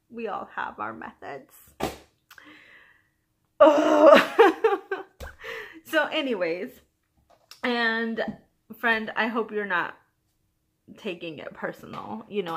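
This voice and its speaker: A young woman hosting a knitting vlog, chatting casually at home and telling an anecdote with frequent giggles and playful voices for her friends. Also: slightly rough. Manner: animated, giggly, quotes friends in higher voices. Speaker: knitting podcast host.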